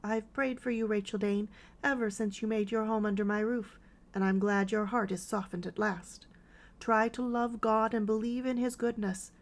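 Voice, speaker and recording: A woman's voice: mid-range voice, close to an everyday voice. A woman voicing a devout, kindly woman who prays with a dying lodger and then urges her to tell the truth. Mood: soothing. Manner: soothing, earnest, then curious. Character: pious, kindly older woman keeping a boarding house.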